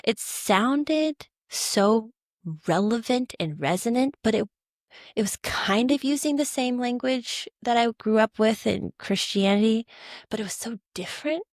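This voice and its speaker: A woman guest on a podcast, talking in a casual, animated way and telling stories expressively. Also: fairly high pitch, a little slow, no echo, clean studio sound. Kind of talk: casual conversational chat.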